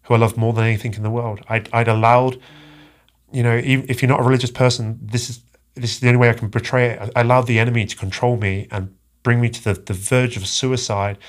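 A man telling a personal story as a podcast guest, halting and earnest, often repeating his words. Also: medium pitch. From England.

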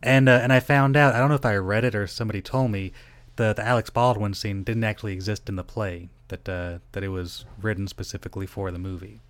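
A middle-aged man hosts a solo podcast in a lowish, steady voice at a fast clip. He rambles, cuts himself off and swears casually.

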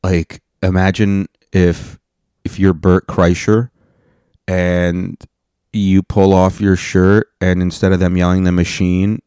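Low-voiced man riffing on podcast. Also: slow pace, clear, resonant tone, dry recording, clean studio sound. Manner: animated storytelling, swearing, acting out people. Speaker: podcast host. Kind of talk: casual reaction commentary.

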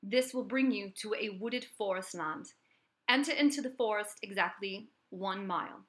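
A woman reading out an anonymous letter writer's note in an attempted British accent, halting and breaking into laughs. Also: medium pitch, lightly acted. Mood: cryptic.

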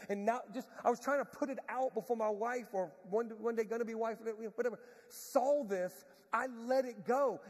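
A pastor telling a self-mocking story in a sermon, animated and laughing often. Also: male voice, high voice, slightly rough. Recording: long reverb of a large hall.

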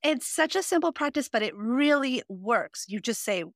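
A woman's voice: on the high side, lively intonation, normal speed, hardly any pauses, fairly bright tone, no room sound, studio quality. A woman co-hosting a podcast, talking earnestly and openly in casual chat, with lots of "you know" and "um". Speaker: podcast co-host.

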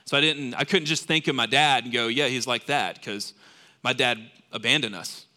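Bright-voiced man preaching with emphasis. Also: mid-range voice, normal speed. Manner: emphatic, swings between loud stresses and soft asides. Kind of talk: sermon. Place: in front of a room of listeners.

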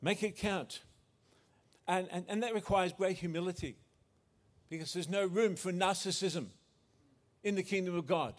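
A man's voice: high voice, moderate pace. A man preaching a sermon as pastor, earnest, often restarting and correcting himself.

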